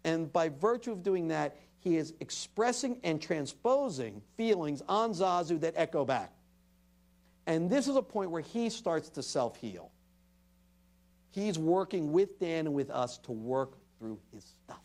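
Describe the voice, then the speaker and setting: A man's voice: on the high side, animated, measured pace, darkish tone. A man giving a public lecture. He tells stories animatedly, acts out dialogue and speaks directly to the audience. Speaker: invited speaker.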